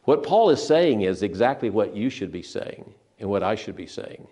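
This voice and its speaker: An older man preaching a sermon, earnest and emphatic, who slows down to stress scripture and often repeats and restarts his phrases. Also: on the low side, big pitch swings, warm tone.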